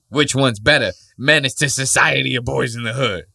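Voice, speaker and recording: A man's voice: mid-range voice, normal speed, vocal fry, long pauses, slightly rough. A man hosting a casual podcast, joking, swearing freely and acting out quoted voices. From Puerto Rico heritage. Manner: profane, animated, jokey, acts out quoted voices. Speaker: podcast host.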